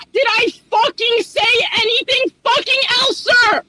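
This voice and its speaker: A young woman with a very high, piercing voice rants about her job as a hostess, fast, profane and fed up. A faint hiss of noise sits under the recording. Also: fairly even intonation, bright, forceful tone, poor audio. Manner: fast, profane, exasperated ranting. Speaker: restaurant hostess. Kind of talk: ranting storytime vlog.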